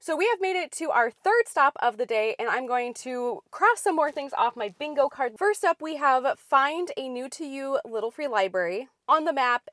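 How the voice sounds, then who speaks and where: A young woman vlogging outdoors at little free libraries, chatting with bubbly excitement and reading book blurbs aloud. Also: sits high, normal speed, hardly any pauses, dry recording, studio quality. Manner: bubbly, excited, laughs often.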